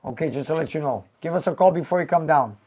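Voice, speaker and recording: An older man hosting a casual live-stream show, reading viewer comments aloud and chatting in an animated way. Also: on the high side, fast talker. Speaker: show host.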